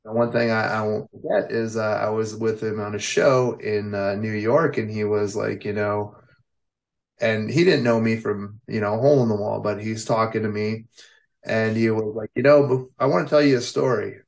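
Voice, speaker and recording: A man's voice: fairly low pitch, level tone, normal speed, creaky. A man in his forties from the United States, a veteran wrestler telling rambling stories in an interview, with lots of "you know" and "like". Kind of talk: casual storytelling interview.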